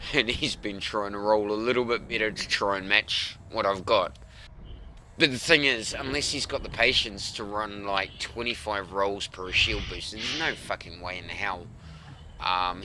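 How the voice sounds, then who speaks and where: Bright-voiced boastful gamer man. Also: lowish voice, a little hiss or hum. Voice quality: profane, boastful, hesitant with many ums. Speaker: gamer on a voice chat stream. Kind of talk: casual chat about a space game.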